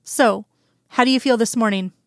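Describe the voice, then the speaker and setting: A woman voicing a gentle, playful grown man lover in a storybook reading, murmuring and teasing. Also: a little high, moderate pace, dry recording, studio quality, natural voice. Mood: playful, tender.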